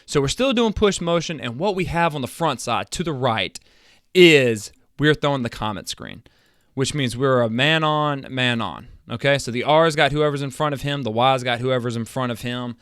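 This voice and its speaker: A man teaching football plays from his webcam, fired up and emphatic, talking himself nearly to a yell. His voice sits at an ordinary middle pitch. The sound is dry and close, with no room echo. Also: normal speed, clear, resonant tone. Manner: energetic, emphatic, talks himself into near-yelling. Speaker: football coach. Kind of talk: chalk-talk lesson on a live stream. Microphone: seated at a webcam.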